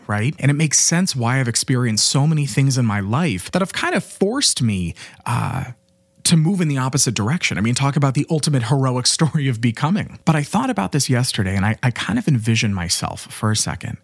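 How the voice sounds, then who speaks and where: A man in his late twenties hosts a motivational self-help podcast, speaking with fervent sincerity as he coaches the listener. His voice is slightly husky, and his pitch swings widely as he talks. The recording is close and dry, with no room sound. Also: very animated, fast, dry recording. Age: 20s. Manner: earnest and fervent, with frequent "you know" and "right?". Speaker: podcast host and life coach.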